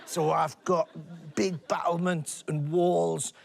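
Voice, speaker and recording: A man's voice: fairly high pitch, slow, gravelly. An English man telling a rambling comic story on a TV panel show, laughing as he talks. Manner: rambling, animated, laughing through his words. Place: TV studio with audience.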